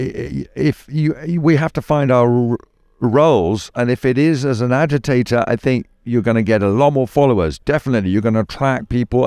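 A man's voice: mid-range voice, darkish tone, no room sound. Thoughtful British man, dry close sound. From United Kingdom. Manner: thoughtful, hesitant with many restarts and fillers. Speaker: guest. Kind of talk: conversational interview.

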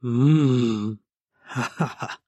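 Woman putting on a husky low-voiced male lover. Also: dark tone, no echo, heavily acted. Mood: flirtatious. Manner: slow, drawn-out, teasing. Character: low-voiced man, flirtatious, relaxed lover.

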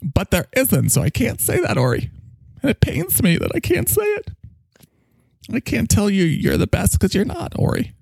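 Brash talking microphone guy, put on by a man, wild swooping pitch, dry close sound. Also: huge pitch swings, moderate pace, gravelly, slightly rough, no echo, exaggerated voice. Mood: cocky. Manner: swooping pitch, bursts into shouting, teasing. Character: brash male talking microphone, cocky and needy. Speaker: podcast co-host character. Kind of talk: improvised comedy bit.

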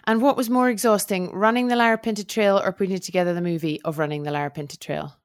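A woman's voice: mid-range voice, steady tone, fast. A middle-aged woman hosting a podcast, talking in a gushing, enthusiastic and chatty way. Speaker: podcast host. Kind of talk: casual podcast interview.

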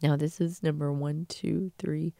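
A woman's voice: sits low, steady tone, unhurried, creaky, warm tone, no echo. A woman hosting her own podcast, giving an earnest, emotional motivational talk and swearing casually. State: tearful at times. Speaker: podcast host.

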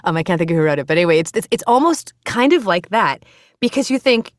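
A middle-aged woman in casual conversation, telling a story fast and with energy and acting out the voices of other people. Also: fairly low pitch, expressive, dry recording, clean studio sound. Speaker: interview guest.

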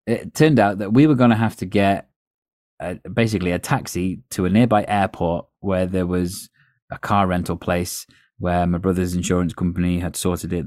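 A low-voiced man with a North West English accent hosts a casual podcast chat. He tells stories at length, laughing now and then. The sound is dry and close. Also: darkish tone, dry recording. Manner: storytelling, chatty with laughs. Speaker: podcast host.

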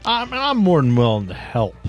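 A man's voice: a little high, wildly swooping pitch, takes it slowly, highs cut off, soft background music. A man playing a tabletop game, speaking in character with wry jokes. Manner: wry, joking. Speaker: player. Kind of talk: in-character tabletop role-play.

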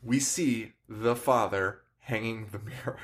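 A man's voice: lowish voice, measured pace. Laughing man retelling movie scenes. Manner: animated retelling with laughs and acted quotes. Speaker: podcast co-host. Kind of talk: casual movie chat.

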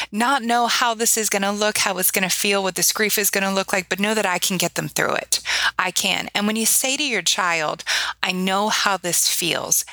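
Earnest, bright-voiced woman sharing stories. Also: fairly low pitch, no echo, low-quality recording. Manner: earnest, emotional storytelling with lively quoted voices; repeats "right?" for emphasis. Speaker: podcast guest. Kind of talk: heartfelt interview talk.

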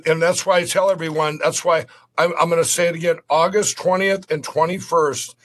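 Earnest male interview guest, slightly high voice, rambling, full of restarts. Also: a bit bright. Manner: rambling, repeats and restarts words; earnest and pleading. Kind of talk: casual interview talk.

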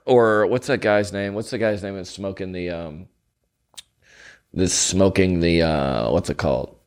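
Young male podcast host, low voice, casual and rambling, animated storyteller. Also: unhurried. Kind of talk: casual chat.

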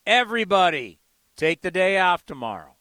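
A man's voice: high voice, sing-song, normal speed, sharp tone, no room sound. A man hosting a sports call-in radio show, upbeat and encouraging with callers. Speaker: radio host.

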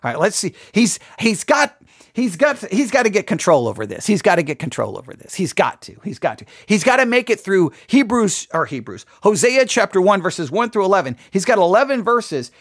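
A man's voice: high voice, sing-song, moderate pace, no room sound, clean studio sound. A man giving casual commentary on a sermon clip, chatty and wry, often repeating his phrases.

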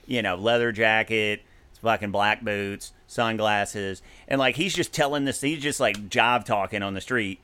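A man co-hosting a casual music chat, animated and swearing freely, breaking into sung bits. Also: on the low side, normal speed, clear, resonant tone. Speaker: podcast co-host.

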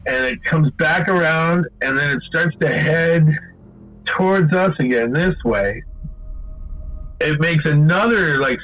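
A man telling a long story in casual chat, rambling and swearing a lot, getting animated when he quotes people. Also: on the high side, lo-fi sound.

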